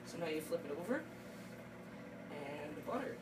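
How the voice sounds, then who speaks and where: A young woman hosting a home cooking video in her kitchen, talking in a halting way with frequent restarts. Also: low-pitched, expressive. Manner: hesitant, halting, with many restarts. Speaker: cooking show host. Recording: distant mic, noisy kitchen.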